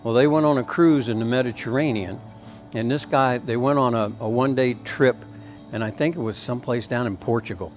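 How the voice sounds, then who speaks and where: A man's voice: medium pitch, fairly quick, soft background music. Folksy Tennessee man spinning yarns. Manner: folksy and rambling, with many fillers. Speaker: country store owner. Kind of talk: casual storytelling.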